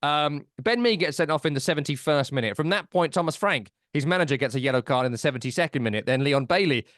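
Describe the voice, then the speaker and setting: Casting: wry male podcast co-host, slightly high pitch, dry close-mic sound. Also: fast talker, a bit bright, no room sound. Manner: dry, wry storytelling, listing events. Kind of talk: casual football chat.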